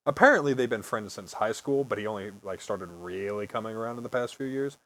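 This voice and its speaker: Lively young man telling stories. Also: medium pitch, fast, hardly any pauses. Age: early 20s. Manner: swears freely, laughs often, rambling. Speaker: podcast host. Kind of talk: casual storytelling chat.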